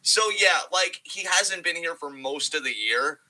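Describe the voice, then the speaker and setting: Podcast co-host, young man, bright and a touch high, excitable and profane, drops into quick impressions. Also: poor audio. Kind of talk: casual wrestling podcast chat.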